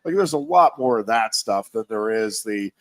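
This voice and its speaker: A man in his thirties, a radio host and high school sports announcer, telling a story in a rambling, reflective way with many restarts. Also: lively intonation, normal speed, no echo. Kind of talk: casual radio sports chat.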